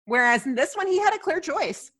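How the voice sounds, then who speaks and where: A woman co-hosting a casual podcast recaps a TV episode, animatedly acting out the characters' lines. Her voice is high-pitched and she speaks fairly quickly.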